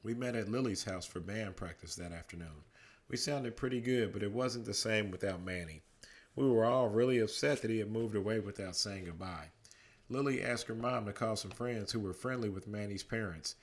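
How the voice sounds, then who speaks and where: A man reading a chapter book aloud as a bedtime story, calm and measured. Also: fairly low pitch.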